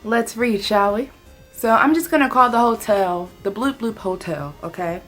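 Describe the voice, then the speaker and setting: A woman's voice: fairly high pitch, normal speed, fairly bright tone, soft background music. A young woman telling a work story in a casual, chatty vlog. She acts out other people's lines as she goes.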